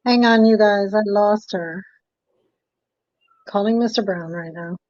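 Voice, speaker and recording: A woman's voice: mid-range voice, a little slow, darkish tone, dry recording, muffled recording. A woman hosting a talk show who speaks emphatically, repeating herself when indignant. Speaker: host. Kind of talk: live call-in talk show.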